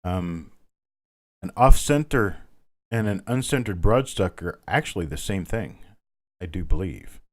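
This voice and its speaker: A man's voice: deep voice, lively intonation, unhurried, long pauses. A man hosting a live online coin auction, chatting casually, calling out bids and greeting bidders by name. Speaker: auction host.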